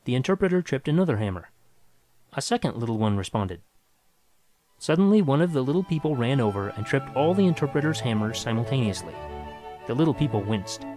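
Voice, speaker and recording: A man reading a science fiction story aloud with dramatic, expressive narration. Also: mid-range voice.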